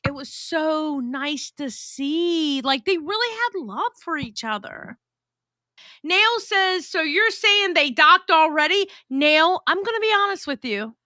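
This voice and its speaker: A woman with a high, bright voice chats on a livestream, reading out viewer messages and gossiping bluntly. She swears freely. The sound is dry and close. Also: no echo. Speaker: livestream host reading chat. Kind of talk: casual livestream chat.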